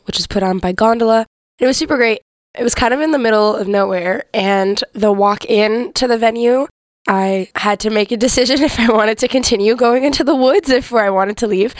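A young woman hosting a radio show in a casual, chatty way, her voice hoarse and worn. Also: medium pitch, no echo. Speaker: radio host.

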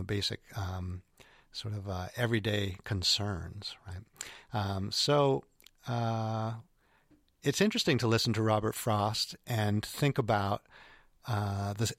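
A man's voice: fairly low pitch, gravelly, fairly bright tone, no room sound, clean studio sound. A man giving an informal lecture on poetry, hesitant with many ums and restarts. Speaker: literature lecturer.

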